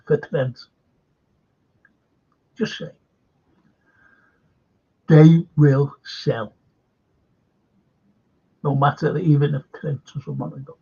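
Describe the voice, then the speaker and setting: Gravelly blunt man. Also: on the high side, dark tone, dull audio. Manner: blunt, opinionated, laughs at own jokes. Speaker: host. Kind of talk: casual football chat.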